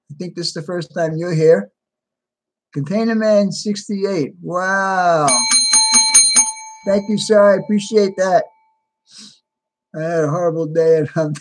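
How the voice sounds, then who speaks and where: This man's fairly high, somewhat mellow voice carries his livestream as he reads viewer names aloud and responds to chat. He greets people casually and sounds a bit tired.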